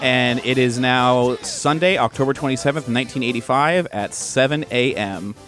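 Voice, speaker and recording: A man's voice: mid-range voice, normal speed, music in the background. A man narrating as game master of a tabletop role-play, in a loose, filler-heavy way.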